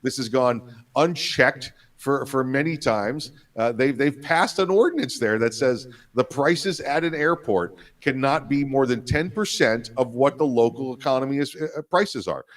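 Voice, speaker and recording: A man's voice: medium pitch, expressive, a little slow, far from the mic. Rambling sarcastic male co-host, off-mic. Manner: rambling, sarcastic, acts out quoted bureaucrats. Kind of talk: casual political commentary.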